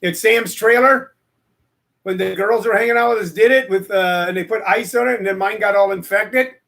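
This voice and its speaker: A comedian in his sixties talks at normal speed in a high, fairly bright voice while hosting a casual livestream. His style is rambling and joking, drifting into digressions between plugs and stories.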